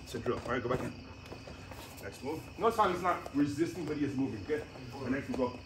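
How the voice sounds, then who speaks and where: A man's voice: medium pitch, animated, fast. A man teaching jiu-jitsu technique on the mat, talking casually and laughing often while he demonstrates. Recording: noisy gym audio.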